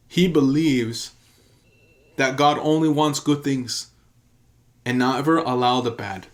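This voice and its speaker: A man's voice: mid-range voice, takes it slowly, pauses often. A man, a pastor, teaching in an earnest and emphatic sermon style, telling a story and repeating key phrases for emphasis.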